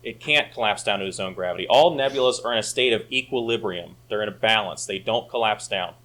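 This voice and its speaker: A man's voice: on the low side, fast talker, a bit bright. A man teaching a church Sunday school class, arguing his points emphatically and reading passages aloud. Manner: emphatic, rising to argue points.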